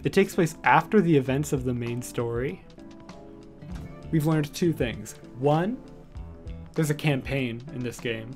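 A man streaming from home in casual chat, rambling with lots of fillers and cooing softly at his cat. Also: medium pitch, measured pace, long pauses, faint music behind.

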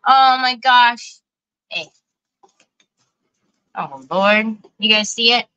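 A woman's voice: a little high, drawn-out words, sharp tone, clean tone, lo-fi sound. A woman, hosting a casual craft livestream in a chatty, folksy way and talking straight to her viewers. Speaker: craft show host.

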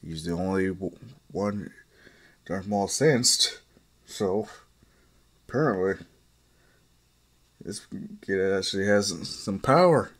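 Man narrator, deep voice, slow laid-back storytelling. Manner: relaxed, offhand retelling with fillers. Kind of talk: casual improvised story narration.

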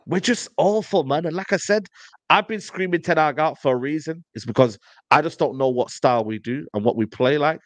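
With a fairly high voice, a slightly fast pace, and no room sound, a slangy football podcast panelist rants in casual fan banter. He's an animated storyteller who repeats "you know what I mean."

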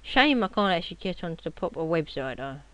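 A young man giving casual gameplay commentary at his computer, rowdy and swearing, often yelling at the game. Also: on the high side, sing-song, fast, smooth. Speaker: gaming commentator.

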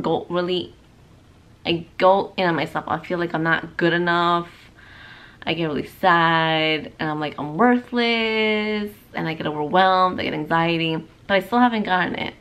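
A woman's voice: on the low side, fairly bright tone. A woman vlogging from her car about her day as a mom, talking in an emotional, rambling way and tossing in Spanish words. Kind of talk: emotional personal vlog. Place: in a parked car.

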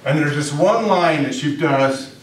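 A man giving a spiritual teaching to a small group, speaking deliberately and repeating key phrases for emphasis. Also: fairly high pitch, faint music behind. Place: room with a live audience. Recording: very echoey room, distant mic, faint noise.

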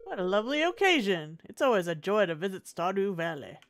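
A woman voicing a jolly older male governor with an American Southern drawl, booming and hearty. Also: very animated, brisk, slight background noise. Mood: jovial.

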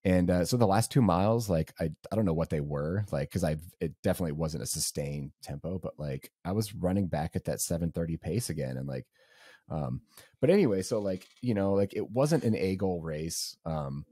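Low, mellow-voiced casual man. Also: animated, brisk, breathy edge, no echo, studio quality. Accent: Southern US. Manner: rambling, many fillers like "like" and "um". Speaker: podcast co-host. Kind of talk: casual race recap storytelling.

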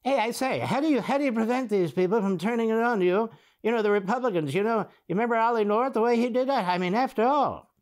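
A man doing a mocking impression of a fussy male TV interviewer with a put-on British accent, very high and prissy. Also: fast talker.

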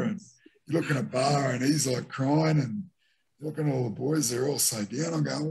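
A man's voice: mid-range voice, normal speed, vocal fry, slightly rough. A middle-aged Australian former rugby league player telling stories from his career in a casual interview, re-enacting what teammates said. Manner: animated anecdotes with re-enacted quotes.

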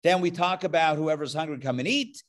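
A man's voice: on the high side, brisk, a bit bright. A male rabbi teaching a live class, joking and drawing questions from the room. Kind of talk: live interactive lesson. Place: classroom before a live audience.

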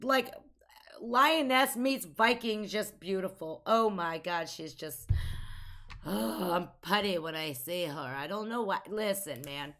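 A woman's voice: medium pitch, slow, fairly bright tone. A woman hosting a music reaction video, gushing and exclamatory, fangirling over a band. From United States. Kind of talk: excited music reaction chat.

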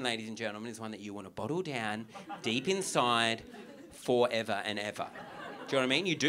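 Australian man, young adult, stand-up set, self-mocking, chatty, slightly high, very bright. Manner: chatty and self-mocking, with many "right?" asides to the crowd. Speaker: stand-up comedian. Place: large comedy theatre on stage.

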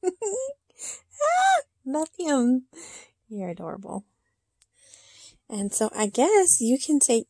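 A woman's voice: medium pitch, creaky, dark tone, slightly rough, no room sound. A woman unboxing a reborn doll on her channel, talking in a cooing baby-talk way and giggling often. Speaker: reborn doll collector and vlogger. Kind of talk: casual unboxing chat.

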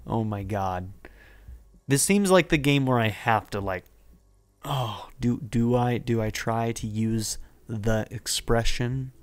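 A man's voice: medium pitch, slow pace, smooth, dry recording. A man commenting on a game as he plays, chatty and hesitant, reading its text aloud. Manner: chatty, hesitant, often laughing. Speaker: gaming video host.

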